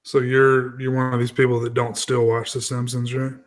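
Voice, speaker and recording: A man's voice: mid-range voice, monotone, moderate pace. A man chatting casually, laid-back, mostly giving short replies. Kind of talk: casual movie watch-along chat.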